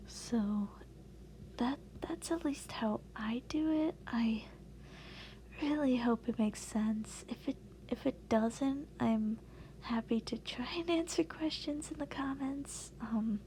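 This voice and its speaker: A woman giving a casual tutorial voice-over, soft-spoken and hesitant, with a breathy half-whisper and many fillers. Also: a little high, a little hiss or hum. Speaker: voice-acting tutorial creator.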